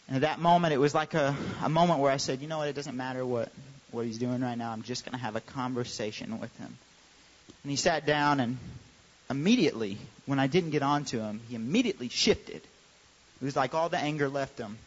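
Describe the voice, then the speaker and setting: A young adult man, a youth pastor, telling a lively story in a sermon and acting out the voices of the people in it. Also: medium pitch, brisk. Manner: animated storyteller, acts out quoted voices. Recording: dull sound with long hall reverb.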